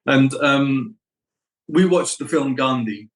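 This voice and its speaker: A man's voice: medium pitch, slow pace, rough recording. Middle-aged male actor, interview guest, storyteller who acts out voices. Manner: animated anecdotes, acts out quoted voices.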